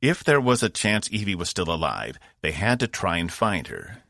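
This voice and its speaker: A male audiobook narrator with a very low, gravelly voice that moves a lot in pitch. He tells the story in a measured, steady way. The sound is close and dry. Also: no echo. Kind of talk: scripted narration.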